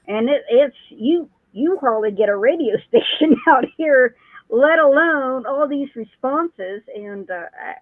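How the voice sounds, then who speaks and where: A woman's voice: mid-range voice, no room sound. A woman who works as a psychic medium talks casually and at length, restarting her sentences often. She comes through a thin, tinny phone line with no room sound. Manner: chatty, storytelling with many restarts and laughs. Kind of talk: casual chat.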